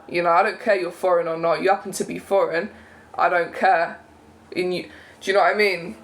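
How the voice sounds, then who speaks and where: A man's voice: high-pitched, level tone, brisk, fairly bright tone, rough recording. A young man from England talking to camera in a casual, indignant rant, often tagging lines with "yeah?" and "right?". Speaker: vlogger.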